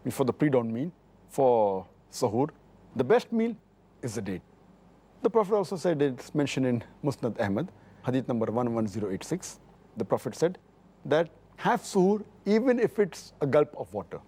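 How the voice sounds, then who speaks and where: A man's voice: mid-range voice, sing-song, dark tone, slightly rough. A middle-aged man, an Islamic scholar, explaining religious rulings and carefully citing hadith by book and number. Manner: measured, cites hadith numbers precisely, repeats points. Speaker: Islamic scholar answering questions.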